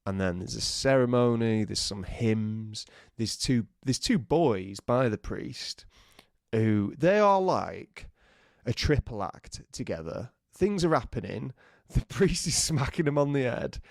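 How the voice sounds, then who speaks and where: Animated male podcast storyteller. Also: mid-range voice, measured pace, vocal fry, no room sound, studio quality. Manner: animated, acts out voices and sounds. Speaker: podcast co-host. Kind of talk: comic storytelling.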